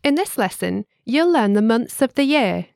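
A woman co-hosting a scripted language lesson, with a clear teacherly delivery that slows down to spell words out. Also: fairly high pitch, lively intonation, a little mellow, dry recording, studio quality.

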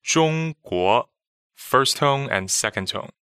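A man co-hosting a language lesson, relaxed, giving short replies and modeling pronunciation slowly. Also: medium pitch, clear, resonant tone, no echo, studio quality. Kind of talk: casual podcast lesson.

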